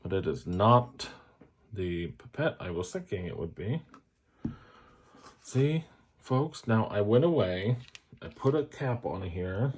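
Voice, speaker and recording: An adult man who is a parent reviews fountain pen inks, chatting casually to viewers as he swatches them, full of jokes, self-mockery and chatty asides. His lowish, mellow, husky voice swings widely in pitch at a slow pace with long pauses.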